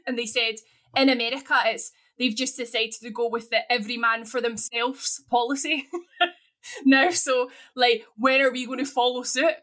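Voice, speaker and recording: A woman's voice: fairly high pitch, steady tone, normal speed, fairly bright tone. A woman with a Scottish accent, chatting casually as a podcast co-host and giggling often. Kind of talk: casual chat. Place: living in the United Kingdom.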